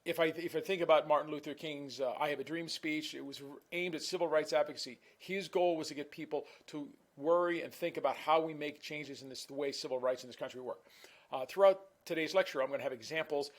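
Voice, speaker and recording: A man giving a recorded online class lecture in a conversational way, often repeating words and restarting phrases. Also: fairly high pitch. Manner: self-admittedly talks fast.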